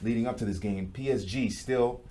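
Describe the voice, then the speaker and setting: A man co-hosting a sports show who leads the football chat in a relaxed, joking way and reads out viewer comments. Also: medium pitch, brisk. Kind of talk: casual football talk.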